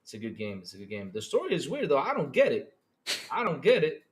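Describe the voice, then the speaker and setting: A man co-hosting a gaming podcast in casual chat, excitable and stammering with quick repeats. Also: fairly high pitch, a crowd in the background. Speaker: podcast co-host.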